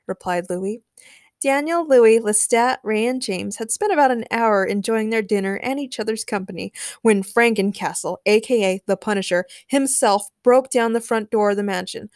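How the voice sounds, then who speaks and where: A woman's voice: medium pitch, moderate pace, no echo, clean studio sound. A woman hosting a podcast, chatting enthusiastically and narrating a story. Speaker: podcast host. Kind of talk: casual chat and story narration.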